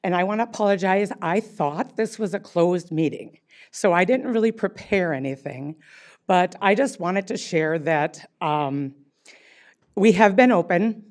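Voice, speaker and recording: A woman's voice: on the low side, lively intonation, a little slow. A woman in her sixties, a wine bar owner speaking unprepared at a public meeting, rambling with many fillers and restarts. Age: 60s.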